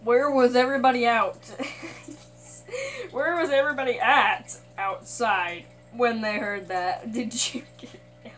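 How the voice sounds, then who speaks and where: A woman with a high, bright voice reacts to a video, laughing and teasing in slangy talk. She drags her words out slowly, and faint music plays under her. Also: expressive. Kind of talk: casual reaction commentary.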